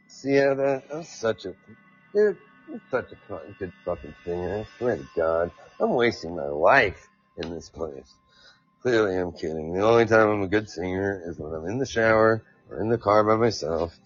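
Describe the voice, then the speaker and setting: This podcast host has a lowish, expressive voice with a fairly bright, breathy edge, talking at a normal speed. Alone on the mic at work, he reads, rants, and throws in profane, sarcastic jabs at himself while coworkers come by. Faint music plays under the dull, lo-fi audio.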